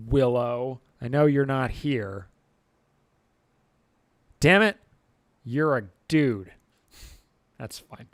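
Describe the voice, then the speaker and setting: A man's voice: mid-range voice, drawn-out words, long pauses, dry recording, studio quality. Rambling man chatting on a livestream. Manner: rambling, full of fillers and restarts, chuckling often. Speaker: channel host livestreaming to chat. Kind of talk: casual livestream chat.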